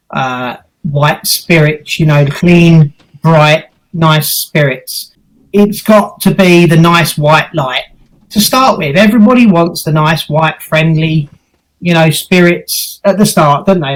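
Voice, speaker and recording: High-pitched bloke, blunt and sweary, podcast guest talking ghost hunting. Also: male voice, low-quality recording. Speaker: paranormal investigator guest. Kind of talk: casual podcast chat.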